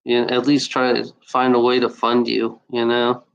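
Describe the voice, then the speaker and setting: A man's voice: medium pitch, monotone, moderate pace, creaky, a bit bright, clear, resonant tone, lo-fi sound. A man ranting bluntly and profanely in a casual video, with many restarts and filler words. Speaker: video maker. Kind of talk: casual unscripted rant.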